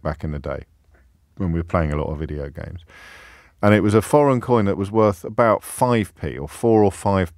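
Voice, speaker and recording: A low-pitched man hosts a radio phone-in, chatting loosely with a wry, self-mocking humour. His voice is close and dry, with no room around it. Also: a little mellow, dry recording. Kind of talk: casual radio talk. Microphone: studio microphone.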